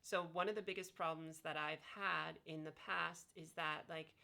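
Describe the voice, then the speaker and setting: A woman's voice: deep voice, steady tone, normal speed, gravelly, sharp tone. A woman talking casually about her voice training, demonstrating vowel sounds with frequent fillers while lying on her back. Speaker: vlogger sharing voice training tips. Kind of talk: casual instructional talk.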